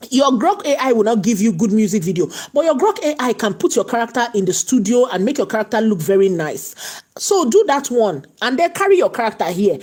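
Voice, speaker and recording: A woman's voice: on the high side, darkish tone, husky. A woman hosting a live tutorial, chatty and repetitive, full of "you know" and "okay" fillers.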